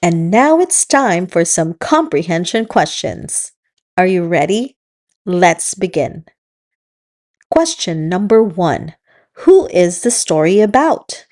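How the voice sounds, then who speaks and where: A woman hosting a children's read-aloud, telling the story in a slow, encouraging teacher's manner. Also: on the low side, very animated, a little mellow. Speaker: children's book reader and host.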